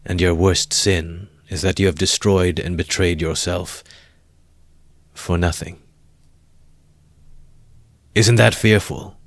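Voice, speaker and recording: A brooding, feverish young man, as a man reads him speaks slowly and bitterly in a very deep voice. The sound is close and dry. His intensity builds in this storybook reading. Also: fairly even intonation, no echo. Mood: intense. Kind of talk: audiobook character voice.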